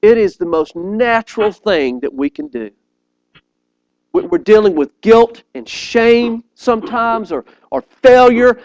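A man's voice: high voice, no echo, poor audio. A man preaching a sermon, telling stories with animation and often repeating words as he appeals directly to his listeners.

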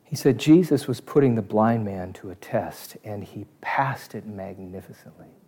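A man preaching a sermon, animated, acting out voices from the story and swinging between loud outbursts and hushed asides. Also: lowish voice, normal speed, husky.

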